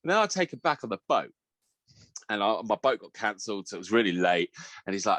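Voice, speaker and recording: A man's voice: deep voice, expressive, quick pace, fairly bright tone, no echo. A man, a podcast co-host who tells stories animatedly, laughs a lot and swears freely. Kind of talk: casual podcast chat.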